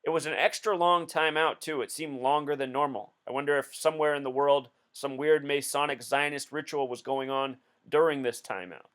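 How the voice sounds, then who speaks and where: Guy with a smooth resonant voice explaining stuff insistently, bit higher pitched. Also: steady tone, normal speed, few pauses, fairly bright tone. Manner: insistent, explanatory, counting through numbers. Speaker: video host. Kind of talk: casual commentary.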